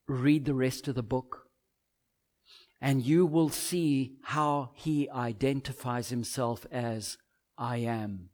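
A high-pitched man delivers a sermon at an unhurried, deliberate pace. He is emphatic and keeps asking rhetorical questions before answering them himself. He sounds like a preacher at the pulpit.

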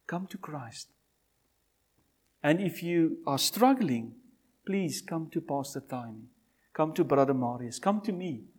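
An older man preaches slowly, taking his time over every phrase. His voice sits a little high for a man, and he pleads with his listeners, repeating lines and dropping from loud cries to hushed, almost whispered words. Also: expressive, husky. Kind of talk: sermon with altar call.

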